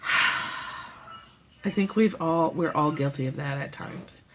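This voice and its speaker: A woman's voice: deep voice, slow pace, a bit bright, a little hiss or hum. A woman hosting a casual live stream from home, musing aloud, correcting herself and laughing easily. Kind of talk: casual reflective chat. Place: home room. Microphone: propped-up phone or camera.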